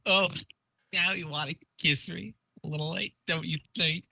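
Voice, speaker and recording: A man's voice: fairly high pitch, steady tone, normal speed, creaky, pushed and bright, full character voice. Vriska, a man doing a sarcastic dying troll girl. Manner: sarcastic taunting. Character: cocky teenage girl troll, dying and defiant. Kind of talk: reading a comic aloud with friends.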